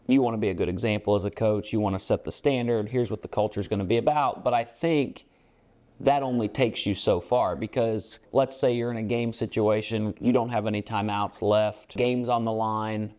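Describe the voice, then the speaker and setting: He has a lowish, warm voice and speaks at a moderate pace. A basketball coach co-hosting a podcast, he talks earnestly about team culture, wandering casually through his points with many fillers.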